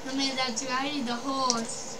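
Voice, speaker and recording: A woman's voice: high-pitched, level tone, measured pace, distant mic, a crowd in the background. A woman chatting offhandedly while playing a game with a friend. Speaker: gaming companion. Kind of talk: casual gameplay chat.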